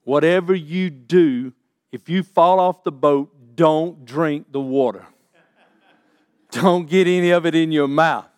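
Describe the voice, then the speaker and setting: A man's voice: a little high, takes it slowly, darkish tone, clean tone, dry recording, studio quality. Folksy preacher man. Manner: folksy, repeats and restarts, calls for amens. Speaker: pastor. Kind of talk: sermon.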